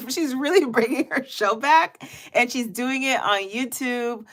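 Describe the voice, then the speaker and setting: Chatty laughing woman vlogger. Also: on the high side. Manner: chatty and laughing, with animated quoted asides. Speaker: vlogger hosting a weekly live check-in. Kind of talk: casual chat. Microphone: headphones on.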